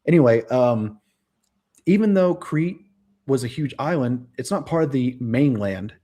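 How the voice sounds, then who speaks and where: A man's voice: mid-range voice, animated, a little slow, warm tone. Rambling young man hosting a live stream. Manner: rambling, lots of fillers and self-corrections. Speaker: host. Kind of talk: casual live-stream chat.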